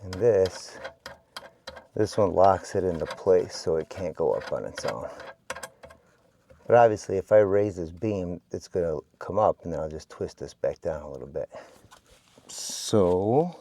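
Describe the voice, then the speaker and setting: A man's voice: deep voice, expressive, measured pace, long pauses, mellow. A man narrating a do-it-yourself video from a cramped crawl space, chatty and joking with viewers while breathing heavily from the work. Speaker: DIY vlogger. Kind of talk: casual how-to vlog narration.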